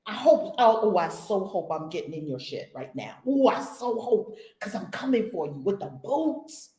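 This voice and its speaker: A woman from the United States leading a spiritual community session, telling stories in an expressive, blunt, sometimes profane way. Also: medium pitch, moderate pace, echoey room, low-quality recording. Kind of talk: animated storytelling talk.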